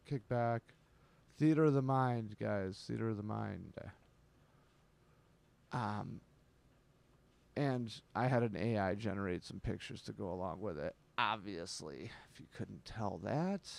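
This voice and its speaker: A man's voice: on the low side, vocal fry, darkish tone. A man hosting a comedic show, rambling and sardonic, swearing often. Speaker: host. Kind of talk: casual comedic chat.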